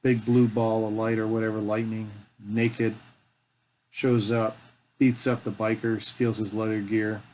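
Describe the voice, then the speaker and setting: A man's voice: on the low side, level tone, measured pace, a little mellow, slight background noise. A middle-aged man from Canada hosting a live stream, chatting casually and joking with himself as he builds. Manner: joking, talks to himself as he works. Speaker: live-stream host building a toy kit. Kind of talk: casual chat while building.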